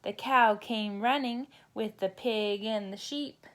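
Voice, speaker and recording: Casting: woman teacher reading a bedtime story to children, gentle, sing-song, very slow and unhurried. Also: medium pitch, noisy background. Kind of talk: children's storybook read-aloud.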